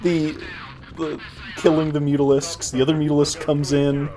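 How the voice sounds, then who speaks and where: A man's voice: a little high, flat delivery, moderate pace, dark tone, soft background music. A man casually explaining how he made his video, with rambling, self-deprecating remarks. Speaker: video creator giving commentary. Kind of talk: casual commentary chat.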